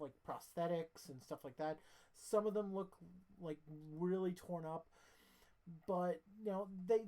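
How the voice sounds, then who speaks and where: A woman's voice: lowish voice, mellow. A sleepy woman giving a casual, rambling film review as the channel host, often restarting her sentences and swearing casually. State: sleepy, yawning.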